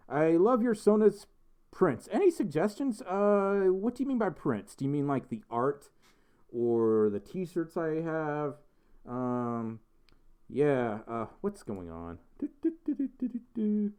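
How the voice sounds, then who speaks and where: A congested man chats his way through a livestream with a lively, bouncing pitch. He rambles and fills gaps with um and uh as he answers questions from the chat. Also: takes it slowly, clean tone. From United States. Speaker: livestream host reading chat. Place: indoors, in a fursuit.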